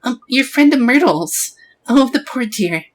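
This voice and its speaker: A man's voice: very high-pitched, lively intonation, measured pace, pitched above the performer's own voice, exaggerated voice, low-quality recording. A man voicing a fussy, gossipy old woman neighbor who chatters on sympathetically, in a game playthrough.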